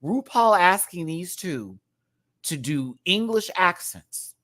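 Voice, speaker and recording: Sassy, animated man ranting. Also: high-pitched, takes it slowly. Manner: sassy, animated, drops into mock voices; laughs often. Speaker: show reviewer. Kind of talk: casual rant-style review.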